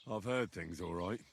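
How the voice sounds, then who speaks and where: An actor playing a polite, curious young medieval man in a game, asking questions in a measured way. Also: sits low, slight background noise, full character voice. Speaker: player character.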